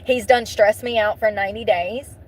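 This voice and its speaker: A woman's voice: medium pitch, fairly even intonation, normal speed, low-quality recording. A woman vlogger venting to her viewers in a blunt, profane way, repeating phrases over and over for emphasis. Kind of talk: emotional venting monologue.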